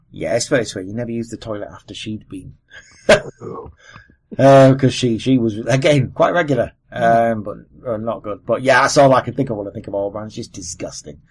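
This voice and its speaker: A man's voice: lowish voice, breathy edge, poor audio. A man with a Welsh accent hosting a podcast, chatting casually with lots of fillers and asides. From Wales. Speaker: podcast host. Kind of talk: casual chat.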